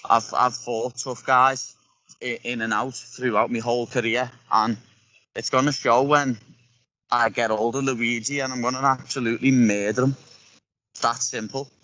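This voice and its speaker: A man's voice: mid-range voice, steady tone, normal speed, pushed and bright, no echo, muffled recording. A young man with a Scouse accent, a fighter talking bluntly and with heavy swearing in a remote interview. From Liverpool, England. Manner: blunt and profane, lots of slang. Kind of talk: casual interview. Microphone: earphones on a remote call. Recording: faint noise on a dying headset line.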